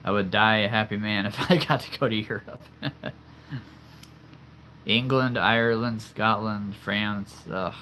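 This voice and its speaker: A man's voice: lowish voice, steady tone, measured pace, long pauses, pushed and bright, slight background noise. A young man from the central United States hosting a casual livestream, chatty and enthusiastic, laughing easily. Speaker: livestream host.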